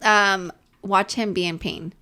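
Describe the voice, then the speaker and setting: Podcast co-host, young woman, candid and conversational, drops Spanish phrases, medium pitch. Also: fairly even intonation, slow pace, pushed and bright. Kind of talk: casual chat.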